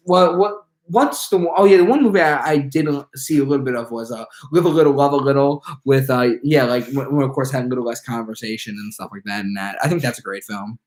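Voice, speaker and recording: A man's voice: mid-range voice, quick pace, hardly any pauses, a little mellow. A man hosting his own live stream, chatting casually and rambling, with many fillers and restarts. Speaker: channel host.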